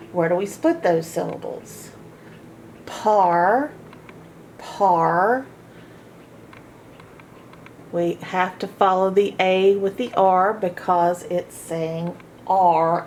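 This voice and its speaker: A woman teaching a phonics lesson to children, sounding out each word slowly, syllable by syllable. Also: lowish voice, level tone, a little mellow, slight background noise. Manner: slow, sounding out syllables one by one. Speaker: reading teacher.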